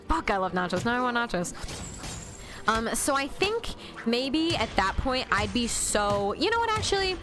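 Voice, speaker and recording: A woman's voice: fairly high pitch, big pitch swings, normal speed. A woman chatting casually as a guest on a livestream, talkative and laughing often. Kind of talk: casual chat. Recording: clear background music. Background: music playing.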